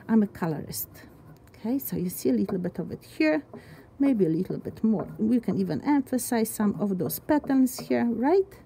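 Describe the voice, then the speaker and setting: A woman's voice: a little high, gravelly, warm tone, a little hiss or hum. A woman art teacher giving a chatty, encouraging step-by-step drawing demonstration, thinking aloud as she works.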